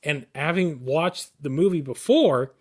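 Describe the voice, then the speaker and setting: Male podcast co-host, slightly high voice, excitable rambling storyteller who keeps restarting his sentences. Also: a little slow.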